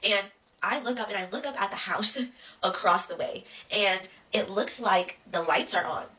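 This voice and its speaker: A woman's voice: medium pitch, moderate pace, sharp tone. A young woman casually telling a childhood ghost story, rambling with lots of "like" and swearing. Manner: rambling, swears, many "like" fillers.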